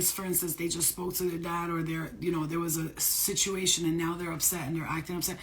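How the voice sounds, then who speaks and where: A woman psychic medium talking casually to her viewers, blunt and emphatic, swearing freely, using street slang and repeating phrases for stress. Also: on the low side. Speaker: psychic medium giving spirit readings. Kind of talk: casual unscripted channeling talk to viewers.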